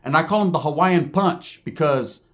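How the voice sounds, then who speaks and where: A man with a fairly high voice spins casual prison stories. His talk is loose, profane and full of street slang, sprinkled with Spanish words, and he slips into quick impressions of the people in his tales. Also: fairly bright tone. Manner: acts out other people's lines in quick voices. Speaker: storyteller recounting prison life. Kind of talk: casual storytelling.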